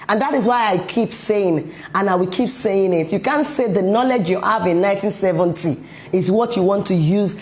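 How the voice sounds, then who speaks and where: A woman's voice: medium pitch, a little mellow. A woman coaching parents in a motivational talk, emphatic and full of rhetorical questions.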